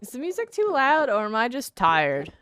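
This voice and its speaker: A woman's voice: fairly high pitch, huge pitch swings, moderate pace, fairly bright tone, a little hiss or hum. A young woman streamer chatting casually with her viewers while gaming, reading their messages aloud and swearing freely.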